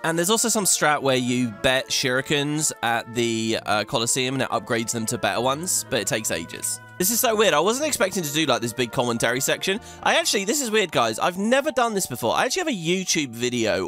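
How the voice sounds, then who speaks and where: Animated, chatty male game commentator. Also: medium pitch, quick pace, few pauses, soft background music. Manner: chatty, animated, laughs often, thinks aloud. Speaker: let's play host.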